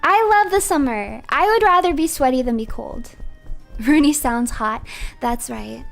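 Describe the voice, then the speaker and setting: A female livestreamer chats casually, animated and playful, and laughs often. Her voice sits high, and soft music plays faintly behind her. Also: a little slow, gravelly. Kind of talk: casual chat.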